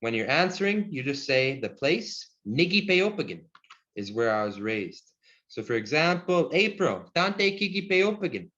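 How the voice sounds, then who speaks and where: A man teaching a Cree language class over a video call, friendly and encouraging, chuckling often and slowing down to model each word. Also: mid-range voice, sing-song, a bit bright. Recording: dull lo-fi video call audio.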